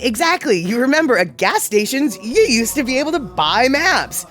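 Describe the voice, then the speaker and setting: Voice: mid-range voice, very animated, moderate pace, a bit bright, faint music behind. A livestream host in their forties chatting casually and reading viewer comments aloud, playfully exasperated.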